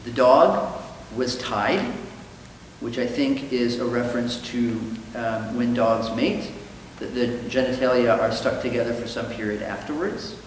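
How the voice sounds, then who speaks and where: A man's voice: medium pitch, measured pace, recorded from a distance. A man who is a rabbi, teaching a conversational Talmud class and acting out the quoted dialogue in his stories. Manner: thoughtful, acts out quoted dialogue with livelier voice. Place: synagogue study hall. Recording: very echoey hall, faint noise.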